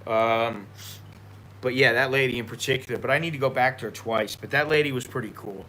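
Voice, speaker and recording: A man's voice: mid-range voice, a little fast, sharp tone, a little hiss or hum. An American man chatting loosely on a live stream while drinking tequila, swearing and rambling with many restarts. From United States. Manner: profane, rambling, frequent restarts.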